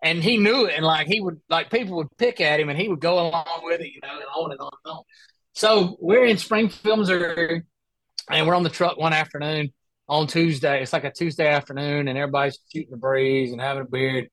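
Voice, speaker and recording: A man in the middle of an animated, chuckling anecdote, talking over a video call. The sound is dry and close, with no room echo. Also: fairly high pitch, brisk. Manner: animated, laughing storyteller. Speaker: guest, professional golfer. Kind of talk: casual storytelling chat.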